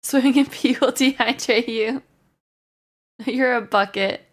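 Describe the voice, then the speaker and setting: A young woman chatting loosely to her stream audience, her voice sitting a little high. She talks at an unhurried, drawn-out pace, looping through "like" and "um" as she goes. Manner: rambling storytelling with many likes and ums. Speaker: livestreamer. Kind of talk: casual chat with stream viewers.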